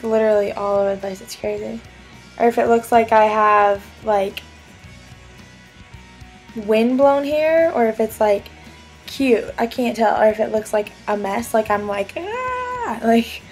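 A young woman chats casually to her camera, giggling and filling her sentences with "like" and "um." Her voice sits a touch high. Faint music plays softly in the background. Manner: chatty and giggly, lots of filler words. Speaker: vlogger.

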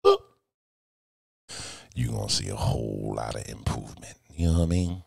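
A middle-aged man with an extremely low, gravelly voice talks loosely on a live stream from his home studio. He boasts and jokes with plenty of profanity, his pitch swinging widely as he rambles. The sound is close and dry. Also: lively intonation, moderate pace, no echo. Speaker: streamer and music video director. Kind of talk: casual live-stream chat.

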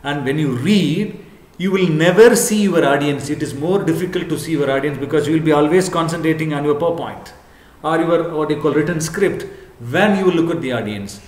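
A male professor giving an earnest lecture to camera, repeating his points and often pausing on "what you call". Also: on the high side, a little mellow. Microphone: camera, speaking to camera. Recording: echoey room.

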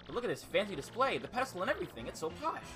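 A man voicing a boastful, blustering male turtle-dragon villain king while reading game dialogue aloud, with slow drawn-out shouts. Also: high-pitched, very animated, over music, pitched above the performer's own voice. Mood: indignant.

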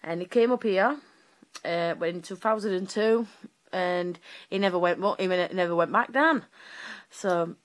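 A woman's voice: on the low side, unhurried. A woman, from Sheffield, telling a personal story to camera in a rambling, chatty way full of fillers and self-corrections. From Sheffield, England. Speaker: vlogger.

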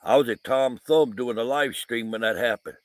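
A man's voice: mid-range voice, moderate pace, no room sound. A man with a drawl talks casually outdoors at night by his van, drifting through a story with lots of "uh" and "um." His voice sits mid-range and sounds close and dry. Crickets and insects chirp behind him. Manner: rambling, folksy storytelling with frequent fillers. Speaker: vlogger, paranormal investigator.

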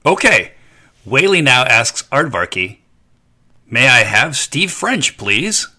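Playful, lively-voiced male language teacher. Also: medium pitch, slow pace. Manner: playful, repeats phrases for learners to echo. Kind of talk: scripted narration for a kids' lesson.

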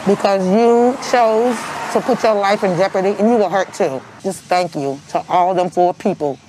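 A woman's voice: mid-range voice, moderate pace, darkish tone, a little hiss or hum, poor audio. A middle-aged woman giving a heartfelt, tearful interview as a victim's aunt. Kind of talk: emotional interview.

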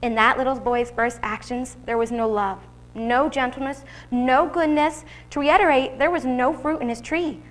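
A woman reading a Bible devotional, earnest and teaching, slowing down to read scripture aloud. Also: high voice, steady tone. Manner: earnest, slows for scripture quotes.

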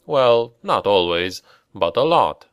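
Slow, measured male audiobook narrator. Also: on the low side, sing-song, smooth, no room sound, clean studio sound. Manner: measured, deliberate reading. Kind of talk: scripted narration.

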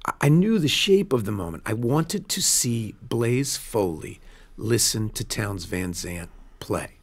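Gravelly-voiced man telling a story. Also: fairly low pitch, measured pace. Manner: earnest, animated storytelling with restarts. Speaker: film director. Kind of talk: casual studio interview. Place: radio studio.

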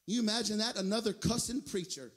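A man with a very high voice preaches a revival sermon in a church. He keeps prodding his listeners with quick asides. Again and again he swells into a shouted, sing-song preaching rhythm. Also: husky, in a large hall. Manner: builds into a shouted, chanting preaching cadence; calls out to the congregation with "huh?" and "can I tell you". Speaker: guest pastor. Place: church sanctuary.

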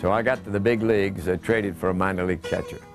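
A man in his eighties, from Georgia in the US, recalling his baseball broadcasting career in an unhurried, folksy interview manner. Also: sits low, steady tone, music in the background. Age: 80s. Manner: unhurried, folksy, gentle chuckles and fillers. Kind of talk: reminiscing interview.

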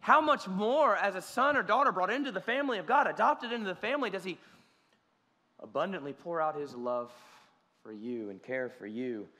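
Earnest preacher with a bright voice. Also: male voice, sits high, animated, normal speed. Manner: earnest, conversational, with frequent restarts. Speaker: pastor. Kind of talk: sermon. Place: church sanctuary. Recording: church hall reverb.

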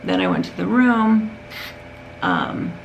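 A woman's voice: medium pitch, huge pitch swings, slow, creaky, lo-fi sound, a little hiss or hum. A tired woman talking candidly in a casual home vlog, telling a long rambling story with many restarts. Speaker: vlogger.

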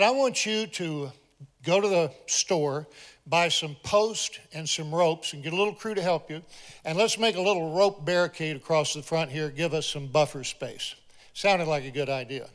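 A middle-aged man preaching a sermon, telling a story with lively acted-out quotes. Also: on the high side. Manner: animated storyteller, acts out quoted voices.

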